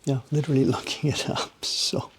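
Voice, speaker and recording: A man hosting a livestream from his workshop, chatting with viewers in a rambling, animated way while he works on a carving. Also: medium pitch, moderate pace, a little hiss or hum. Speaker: livestream host, woodblock carver. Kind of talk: casual chat while working.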